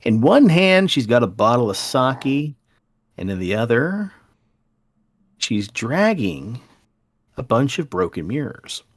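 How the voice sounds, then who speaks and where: A male podcast host who tells folk tales with playful drama. His voice swoops up and down with lively inflection, and he leans into the spooky parts of the story. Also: medium pitch, takes it slowly, pauses often.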